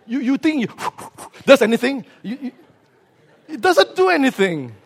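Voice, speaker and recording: A man's voice: very high voice, very animated, unhurried, slightly rough. A man preaching a sermon, joking with the congregation and acting out scenes with sound effects.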